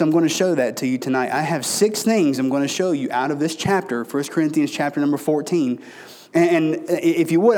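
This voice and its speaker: A man's voice: fairly high pitch, darkish tone. A man preaching a sermon as a pastor, telling personal stories in a folksy way and calling his listeners folks. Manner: folksy storytelling, addresses congregation as folks.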